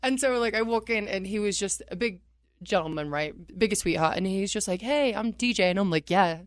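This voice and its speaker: A woman's voice: medium pitch, a little fast, no room sound, clean studio sound. A woman guest on a radio talk show, animatedly telling stories from her career, laughing often and acting out quotes. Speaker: wrestler guest. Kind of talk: casual radio interview storytelling.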